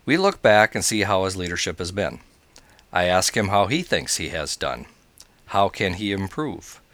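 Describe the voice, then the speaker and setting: A man hosting a scouting show, calmly talking through advice and telling a joke story. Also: low voice, moderate pace, no room sound. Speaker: scoutmaster, podcast host.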